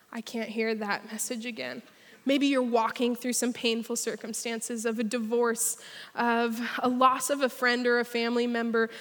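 A woman delivers an energetic, story-driven sermon to a church crowd. Her voice sits high and bright. A long reverb from the large hall trails after her words. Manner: energetic, storytelling, leads the crowd in a pretend ride. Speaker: speaker at church.

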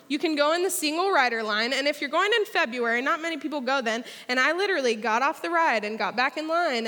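High bright-voiced woman preaching in a hall. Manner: energetic, storytelling, leads the crowd in a pretend ride. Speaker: speaker at church. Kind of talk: sermon. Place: large church hall. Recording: long hall reverb.

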